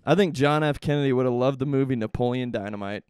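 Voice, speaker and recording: A man's voice: mid-range voice, quick pace, a little mellow, clean tone, dry recording, studio quality. A man hosting a comedy podcast, cracking crude jokes and laughing often. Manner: crude, joking, laughs a lot. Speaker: podcast host. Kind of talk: casual comedy banter.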